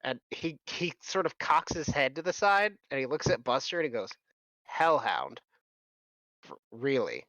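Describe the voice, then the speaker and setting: A man's voice: fairly high pitch, animated, brisk, hardly any pauses, pushed and bright, no echo, muffled recording. A man narrating a tabletop game as game master, rambling loosely and laughing between restarts.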